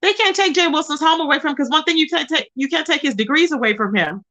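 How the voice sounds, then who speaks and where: High-voiced, animated woman livestreamer. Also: fast. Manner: animated, greets viewers by name and calls them baby; exclaims in disbelief, repeats phrases for emphasis. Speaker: livestream host. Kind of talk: casual livestream commentary, reading chat.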